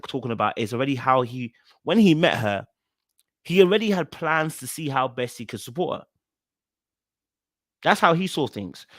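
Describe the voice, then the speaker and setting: A man giving casual commentary on a reality show, animated and full of fillers and restarts as he repeats his points. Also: a little high, dry recording, studio quality. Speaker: reaction video host.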